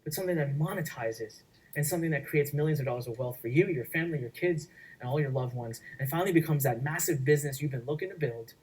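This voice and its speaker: A man presenting a workshop, giving an energetic sales pitch in an emphatic, repetitive way. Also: breathy edge, distant mic, rough recording. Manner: emphatic, repetitive, acts out quoted voices.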